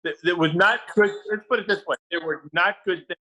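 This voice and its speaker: Bright, wry man co-hosting a chat. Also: sits high, a little fast, dull audio. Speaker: podcast co-host. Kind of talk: casual market chat.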